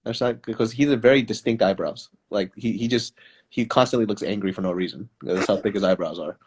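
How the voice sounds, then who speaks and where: Low, husky man joking around. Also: fast. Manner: laid-back, swearing, joking. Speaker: comedian guest. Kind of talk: casual chat. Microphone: phone on a live stream.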